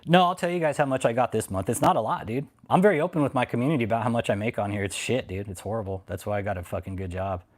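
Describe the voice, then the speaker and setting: A man's voice: mid-range voice, racing, hardly any pauses. A man hosting a livestream, ranting at his critics and reading chat in a profane, mocking, confrontational way. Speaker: livestream host. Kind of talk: casual livestream rant.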